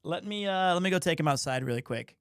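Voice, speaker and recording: A man's voice: high-pitched, animated, fast, a bit bright, clear, resonant tone. Streamer type, man, easygoing chatty storyteller, keeps cooing at his pet mid-story. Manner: rambling anecdote, stops to coo at his cat. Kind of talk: casual livestream chat.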